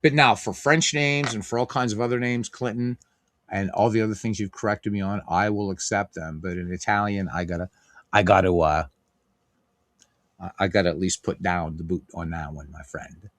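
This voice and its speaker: A man's voice: on the low side, steady tone, brisk, fairly bright tone, no room sound. A middle-aged man hosting a stream, calling a tabletop baseball game play by play and chatting with viewers in a loose, filler-heavy way. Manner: chatty, many fillers, reads and answers viewer comments. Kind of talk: casual play-by-play and chat with viewers.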